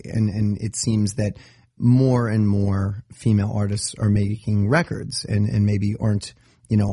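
A man hosting an interview, asking measured questions with some restarts. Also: on the low side, gravelly, mellow, breathy edge, no echo, clean studio sound. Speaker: radio host.

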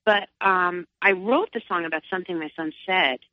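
A woman's voice: normal speed, dry recording. Chatty middle-aged New woman. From Long Island, New York. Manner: chatty, animated, acts out her own thoughts in a higher voice. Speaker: singer and guest. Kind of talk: casual interview. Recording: dull, lo-fi sound.

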